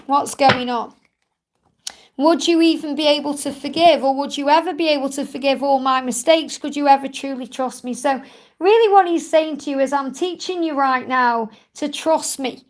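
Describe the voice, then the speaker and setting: Woman with a high voice doing a live tarot reading, soft reassuring tone, lots of "okay?" and "so". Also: normal speed. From England. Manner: soothing, reassuring, repeats "okay?" and "so". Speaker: tarot reader hosting a live Q&A. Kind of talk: live-stream card reading.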